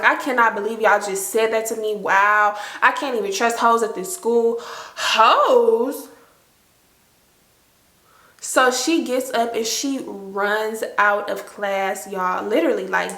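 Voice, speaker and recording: A young woman with a bright, fairly high voice tells a story to her viewers. She talks in an animated, casual way, leaning on "like" and acting out what people said. The room gives her voice an echo. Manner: animated, heavy use of "like", acts out quotes. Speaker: storytime vlogger.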